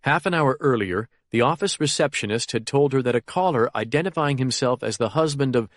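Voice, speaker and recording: A man narrating a thriller audiobook in a steady, even storytelling manner. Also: mid-range voice, fairly quick, no room sound, studio quality. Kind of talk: scripted narration.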